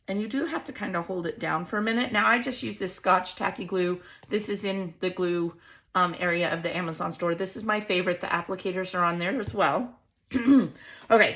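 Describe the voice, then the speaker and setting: A chatty woman in her forties walks viewers through a craft project, a little hoarse. Her voice is bright and forward despite the roughness. She talks straight to the camera, easy and friendly. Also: medium pitch. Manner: chatty, laughs often, talks to viewers as "you guys". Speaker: crafting channel host. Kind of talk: casual craft tutorial.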